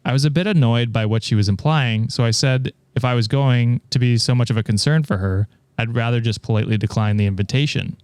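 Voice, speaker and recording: Man, podcast host, steady reader, smooth voice, dry close sound, laughs easily. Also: mid-range voice, a little fast, few pauses, no room sound. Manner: steady reader, laughs often between remarks. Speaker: podcast host reading stories. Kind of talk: reading aloud and casual chat.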